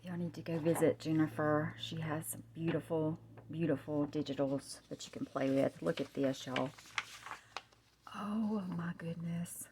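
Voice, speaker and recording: Low-voiced gushing woman, half-whispered. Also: little pitch movement, moderate pace, a little hiss or hum. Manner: gushing, often softly whispering. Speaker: craft vlogger. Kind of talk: show-and-tell craft vlog. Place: home, husband in another room. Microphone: camera held close up.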